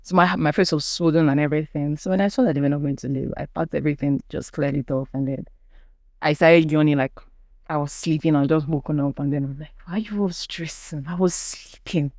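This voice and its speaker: A woman's voice: low-pitched, fairly even intonation, fast talker, a little mellow, no room sound. Young Nigerian woman, podcast guest, earnest testimony, dry close sound. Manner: earnest storytelling, acts out quoted people. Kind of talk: personal testimony in conversation.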